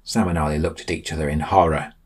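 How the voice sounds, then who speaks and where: A man reading a comic story aloud as storyteller, with deadpan narration. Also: rumbling low, fast talker, breathy edge.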